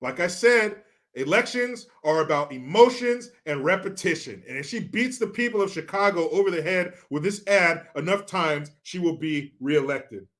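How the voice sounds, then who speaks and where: A man's voice: on the high side, lively intonation, normal speed, a bit bright. A man hosting his own show, ranting through sarcastic, profane political commentary full of mockery. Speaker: show host.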